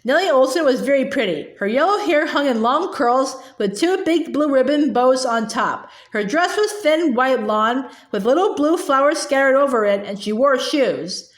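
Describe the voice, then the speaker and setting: A woman reading a children's book aloud in a halting way, with fillers and restarts. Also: sits high, lively intonation. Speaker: reader. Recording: echoey room.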